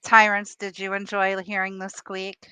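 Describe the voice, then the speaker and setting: Teasing woman co-host, bright smooth voice. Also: medium pitch, monotone, dry recording. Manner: teasing, quick to laugh. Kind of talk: casual live stream chat.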